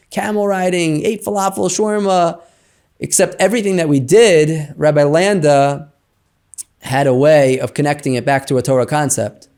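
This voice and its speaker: A man in an interview, telling a personal story in a chatty, animated way with many fillers like "you know". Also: on the high side. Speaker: interview guest.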